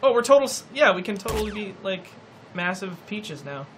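A man streaming a video game in casual chat, excitable and swearing, yelping at what happens on screen. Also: sits high, fairly quick, a little hiss or hum. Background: game music.

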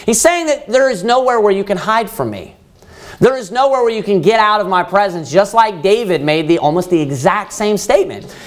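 With a high, sing-song voice and a slightly fast delivery, a man preaches an emphatic sermon. He poses rhetorical questions to the congregation, answers them himself, and quotes scripture in old-fashioned wording.

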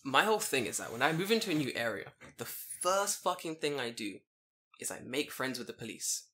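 Man, podcast host, bright tone, lively swooping pitch, excitable, swears a lot. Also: a little fast, a little hiss or hum. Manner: animated, profane, excitable storyteller. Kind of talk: casual chat, storytelling.

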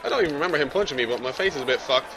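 Racing along in an expressive, mid-range voice, a young man casually commentates his own video game match over background music. He's brash and swears freely, trash-talks the opponent, and yells when he's on the losing end.

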